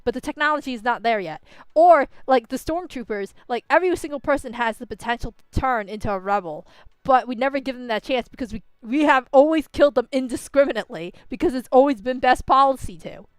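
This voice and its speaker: A woman streaming a game and ranting about its plot, animated and swearing freely. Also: high voice, brisk, clear, resonant tone, no room sound. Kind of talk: casual reaction commentary.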